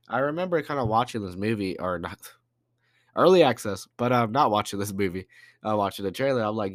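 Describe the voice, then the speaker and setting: A man's voice: on the low side, lively intonation, brisk, no echo, clean studio sound. A young man with a congested voice, hosting a casual solo podcast in a loose, chatty way with lots of fillers and slang. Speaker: podcast host.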